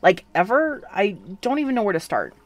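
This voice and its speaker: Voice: mid-range voice, big pitch swings, fairly quick, pitched above the performer's own voice, lightly acted. A narrator voicing the listener's own character, a sarcastic, self-mocking young cyborg with a prosthetic hand, in a fan fiction audiobook reading. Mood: wry.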